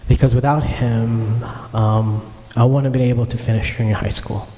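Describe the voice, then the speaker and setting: A man's voice: mid-range voice, fairly even intonation, moderate pace, mellow. A man preaching a sermon and telling his own story earnestly, speaking straight to the congregation. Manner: earnest storytelling, addresses listeners directly. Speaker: pastor. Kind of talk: sermon with personal testimony. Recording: long reverb of a hall.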